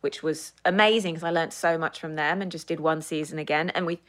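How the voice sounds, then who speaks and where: A woman's voice: sits low, a little fast. A woman in her thirties with a British accent, a guest actress chatting and telling stories in a studio interview. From United Kingdom. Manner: animated, storytelling. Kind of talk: casual interview chat.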